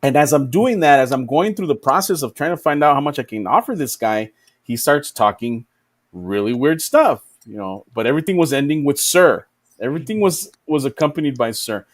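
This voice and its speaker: A man telling a story on a casual podcast over a video call, animated and swearing freely. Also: medium pitch, brisk. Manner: animated, swears freely, voices his own disbelief. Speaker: podcast co-host.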